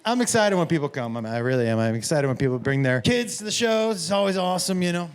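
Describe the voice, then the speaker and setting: A middle-aged man doing stand-up comedy, telling stories in a brash, profane, animated way on a comedy club stage. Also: on the high side, fast talker. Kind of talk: stand-up storytelling. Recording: live show with roaring crowd.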